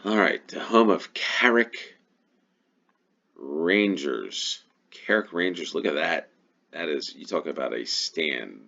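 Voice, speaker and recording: A man's voice: extremely low pitch, animated, takes it slowly, vocal fry, sharp tone, highs cut off. An American man giving casual play-along commentary on a game, musing aloud and thinking to himself. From United States. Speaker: gaming YouTuber.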